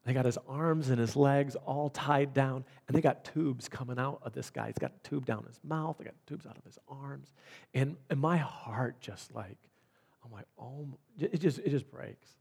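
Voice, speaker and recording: A man's voice: mid-range voice, normal speed, gravelly, a little mellow, husky. A man preaching a sermon, telling a personal story in an earnest way with frequent restarts. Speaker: pastor.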